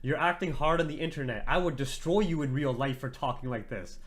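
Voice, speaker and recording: A man's voice: medium pitch, fairly quick. A young man hosting a trading livestream, talking to his chat in a brash, profane, mocking way and laughing often.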